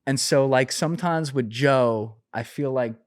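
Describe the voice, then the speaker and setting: A man in his twenties, a podcast guest, telling a story in a casual, animated way, full of swearing and fillers. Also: medium pitch, a little slow, dry recording, studio quality. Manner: animated, profane, filler-heavy.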